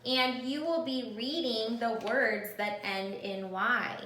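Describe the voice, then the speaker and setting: A woman's voice: fairly high pitch, slow pace, bright, forceful tone, reverberant, a little hiss or hum. A woman teaching a phonics lesson to young children, patiently sounding out letters and words by a board. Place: classroom or room with a board.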